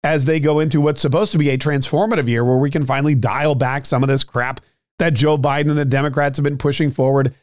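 A man hosting a solo political commentary show, talking straight to his listeners with many fillers and restarts, his throat a little rough. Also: fairly high pitch, steady tone, fast, darkish tone, no echo, studio quality. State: clearing his throat, slightly choked up. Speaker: political podcast host.

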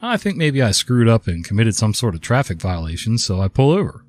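A man's voice: fairly low pitch, sing-song, brisk, darkish tone, faint music behind. A man in his fifties, worn out from a cold, casually narrating a story in a conversational way. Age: 50s.

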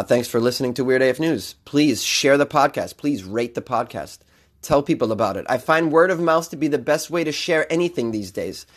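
A man hosting his own podcast in a loose, jokey, rambling way, often laughing at his own lines. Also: mid-range voice. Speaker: podcast host. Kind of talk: casual solo podcast chat.

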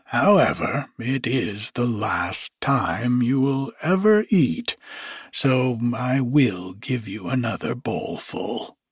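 A man voicing a cruel, scheming old witch woman who mutters in a hushed, menacing way. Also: medium pitch, big pitch swings, slow pace, husky, dry recording, clean studio sound, heavily acted.

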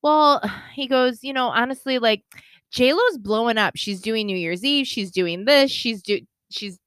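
A woman in casual podcast chat tells her story with animated, indignant bursts and free swearing. Her voice sits a bit higher, recorded dry and close with no room sound. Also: a little slow, clear, resonant tone, no echo. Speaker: podcast co-host.

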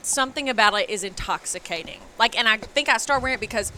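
Bright, animated woman podcast host. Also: a little high, quick pace, a little hiss or hum. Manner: animated storyteller, playful jokes. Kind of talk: casual chat. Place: on location at a sewing store.

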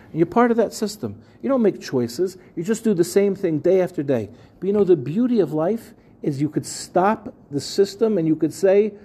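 Bright-voiced rabbi teaching a lively class. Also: male voice, sits high. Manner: conversational, asks the room questions, repeats phrases. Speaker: rabbi giving a Torah class. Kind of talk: lively spoken Torah class. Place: room with a live audience.

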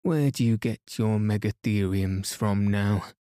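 A man's voice: fairly low pitch, a little slow, mellow, no echo, clean studio sound, close to an everyday voice. Man voicing a touchy ancient sand fairy. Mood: testy. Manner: cross, haughty, easily offended. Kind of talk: bedtime story reading.

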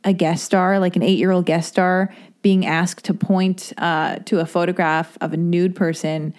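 A woman's voice: lowish voice, little pitch movement, measured pace, darkish tone. A young woman hosting her podcast solo, rambling along in casual self-mocking chat with lots of fillers. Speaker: podcast host.

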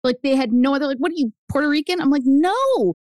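A woman guest on a podcast, telling stories in a lively, animated way and acting out the voices she quotes. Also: high-pitched, fast talker, no room sound. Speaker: guest author. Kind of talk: casual chat.

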